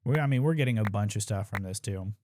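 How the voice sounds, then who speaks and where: A man's voice: lowish voice, quick pace, noisy background. Casual man narrating his gameplay. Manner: casual, thinks aloud while playing, self-deprecating asides. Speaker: speedrunner. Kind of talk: live gameplay commentary.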